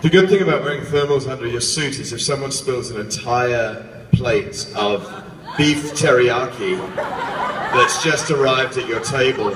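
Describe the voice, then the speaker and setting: A man on a convention panel, telling a wry, self-mocking story to the crowd. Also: medium pitch. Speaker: panel guest actor. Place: large convention hall. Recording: echoey hall, distant mic, background noise.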